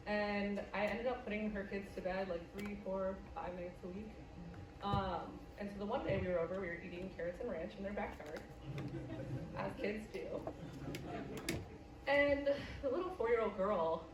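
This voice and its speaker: A young woman from the US Midwest telling a stand-up story with brash, deadpan punchlines and plenty of swearing. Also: mid-range voice, recorded from a distance, background noise. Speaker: stand-up comedian. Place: comedy club stage. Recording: roomy live club, loud audience laughter.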